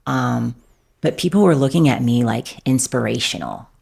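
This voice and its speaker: A woman's voice: extremely low pitch, normal speed, gravelly, a little mellow, husky. A woman speaking as a podcast guest, telling a personal story candidly in a rambling way, filling her phrases with "like". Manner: rambling, fills every phrase with "like".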